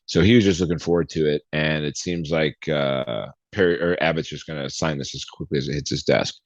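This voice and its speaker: A man's voice: extremely low pitch, a little fast, no room sound. A man co-hosting a podcast in casual chat, laid-back as he goes over news items. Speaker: podcast co-host. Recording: dull lo-fi sound.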